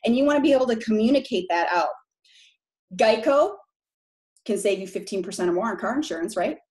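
A woman's voice: a little high, lively intonation, fairly quick, a little mellow. A woman in her forties from Minneapolis with a Minnesota accent and long O's, giving a frank, chatty presentation to an audience of real estate agents and often checking in with "right?". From Minneapolis, Minnesota, USA.

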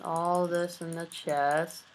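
A man's voice: fairly high pitch, little pitch movement, slow. A young male gamer in his teens, chatting casually over a game and barking orders at his partner. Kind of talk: casual gaming commentary.

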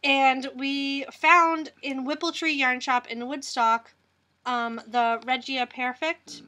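A woman hosting a casual knitting vlog, chatting in an upbeat way and answering often with a quick "yep.". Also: high-pitched, steady tone, bright, forceful tone. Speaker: knitting vlogger, host. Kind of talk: casual chat.

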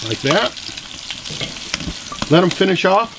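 A man chats cheerfully to his viewers as he works an outdoor kettle grill on a cold, windy day. His voice sits a little on the high side, and loud sizzling from the grill runs under everything he says. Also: big pitch swings, moderate pace, long pauses. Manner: chatty, upbeat, talks straight to viewers. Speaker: grilling channel host. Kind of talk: casual cooking vlog. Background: food sizzling on the grill.

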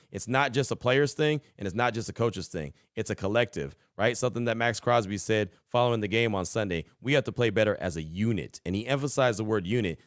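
Guy hosting a sports podcast, middle pitch, chatty, dry close sound. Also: dry recording. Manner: conversational, frequent "right?" and restarts. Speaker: podcast and radio host. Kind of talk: casual sports talk with host-read ads.

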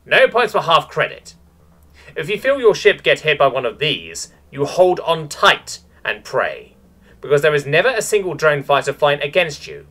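A man's voice: fairly high pitch, sing-song, moderate pace, pushed and bright, voice pushed up, full character voice. A man voicing a brash, snooty female starship captain who lectures cadets in a mock-aristocratic bark.

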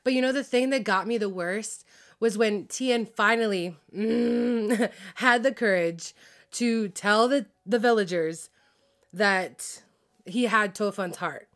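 A woman's voice: medium pitch, takes it slowly, fairly bright tone. A woman ranting about a TV drama in a casual, heated vlog, swearing constantly, full of fillers, laughing and losing track of names. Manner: heated, profane, filler-heavy venting with laughs; frazzled, loses track of names. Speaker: drama reaction vlogger.

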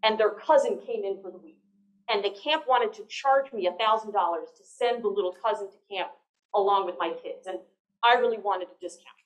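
A woman giving a lively, conversational public lecture on negotiation, often checking in with the audience. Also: mid-range voice, brisk. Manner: lively, conversational, frequent "right?" tags. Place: lecture hall. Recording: echoey lecture hall.

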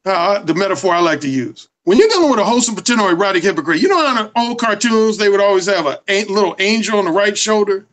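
Guy with a high voice lecturing about dating, emphatic and cussing a lot. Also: expressive, racing, few pauses, a bit bright, low-quality recording. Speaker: dating coach and interview guest. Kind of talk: casual interview.

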